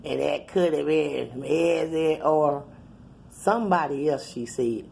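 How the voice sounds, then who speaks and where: A woman's voice: low-pitched, slow, creaky, darkish tone, a little hiss or hum. A middle-aged woman telling a rambling, profane, laughing story in casual chat. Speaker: channel host.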